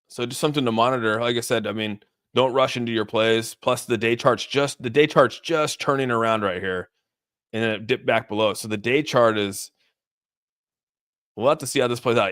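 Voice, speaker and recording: A man's voice: medium pitch, normal speed, a bit bright, clean tone, no echo, studio quality. A man streaming live, talking casually through crypto charts and reading out viewer messages in a loose, chatty way. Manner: loose and chatty, many restarts, reads donor messages. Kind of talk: casual livestream chart commentary.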